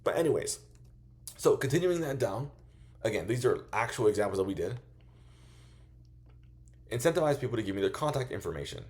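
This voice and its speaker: A man coaching small vendors in a loose, profane style, acting out quick sales pitches as he goes. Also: expressive, darkish tone. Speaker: business coach. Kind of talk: casual instructional monologue.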